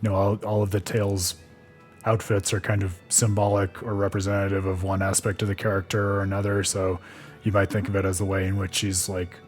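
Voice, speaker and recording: A man's voice: fairly low pitch, a little mellow. A man hosting a stream, chatting casually and analyzing the story, with plenty of fillers. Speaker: streamer and host.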